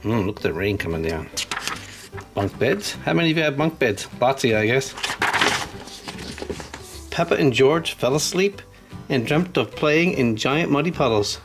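A man's voice: medium pitch, lively intonation, moderate pace, long pauses, over music. A man casually unboxing toys and reading a children's storybook aloud, chatting to young viewers as he goes. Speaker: channel host.

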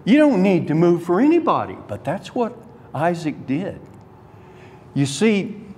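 A man's voice: mid-range voice, a little mellow. A man teaching Scripture in a sermon, explaining a passage point by point with emphatic rises. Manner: deliberate expository preaching with emphatic rises. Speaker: Bible teacher. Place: church sanctuary. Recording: long church hall reverb.

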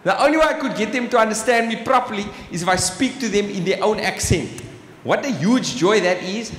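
A man's voice: high voice, lively intonation, a little fast, a bit bright, slight background noise. A man from Cape Town with a South African accent doing live stand-up comedy, chatty, often asking "right?" and tossing in "bruh". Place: large exhibition hall on stage. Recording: echoey live hall, faint ambience.

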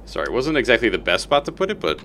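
A man's voice: mid-range voice, wildly swooping pitch, racing, fairly bright tone, slight background noise. A man hosting a casual co-op gaming stream, chatting and swearing through tense moments. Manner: swears, tense bursts of alarm during play. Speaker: streamer host.

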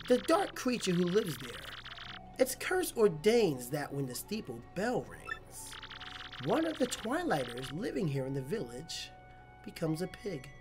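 A woman reading the lines of a worried old male village mayor aloud from a video game. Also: lowish voice.

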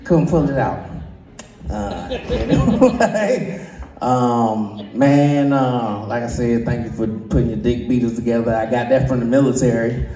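A man doing a stand-up comedy set, who often laughs at his own jokes and jumps into high voices for the people he quotes. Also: measured pace, warm tone, recorded from a distance. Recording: roomy sound from away from the mic.

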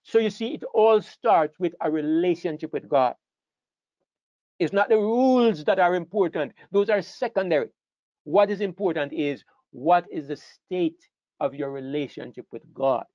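A man with a high voice preaches a sermon, driving his points home by repeating key phrases and posing rhetorical questions. The recording is dry and dull, with a slightly lo-fi sound. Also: normal speed, a little mellow, dry recording.

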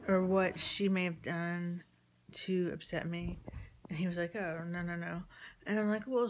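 Rambling woman recounting family drama. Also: lowish voice. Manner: rambling, quotes conversations, frequent ums, drops to near-whisper. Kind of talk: casual personal storytelling. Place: at home with chickens nearby.

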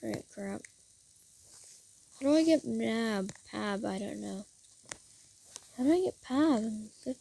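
A young gamer giving rambling let's-play commentary who often restarts sentences and breaks into excited bursts. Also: mid-range voice, takes it slowly, vocal fry, pauses often, slightly rough. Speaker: gamer narrating his own play.

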